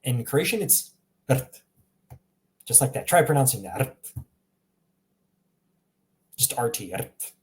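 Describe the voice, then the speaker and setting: Relaxed man teaching pronunciation. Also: mid-range voice, fast talker, few pauses. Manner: relaxed, chatty, laughs often, reacts to viewer examples. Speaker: language teacher. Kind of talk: casual live language lesson.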